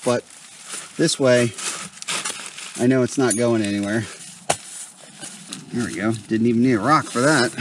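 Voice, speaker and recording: A man talks easily through his camp setup outdoors, chatty and unhurried at a middle pitch. A faint hiss of noise sits behind his voice. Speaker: backpacking vlogger. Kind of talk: casual outdoor gear demo. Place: campsite in a forest, outdoors.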